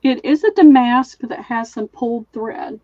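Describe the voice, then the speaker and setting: A woman's voice: on the high side, unhurried, no echo, highs cut off. A woman with a Southern accent hosting a live online sale, chatting as she describes linens in detail. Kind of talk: live-stream selling chat.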